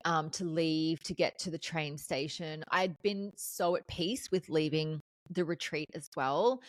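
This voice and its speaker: A woman hosts her own podcast and talks through a personal story, candid and animated, swearing now and then. Her voice sits a little low for a woman. The recording is close and dry, with no room sound. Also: no echo. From Australia. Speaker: podcast host.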